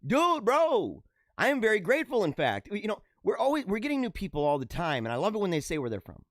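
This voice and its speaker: A man hosting a casual livestream show, reading out viewer comments and chatting back in an animated way on a radio-style mic. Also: very fast, no echo, studio quality. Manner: animated, talks with feeling, drops pitch low for asides. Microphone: radio-style studio mic.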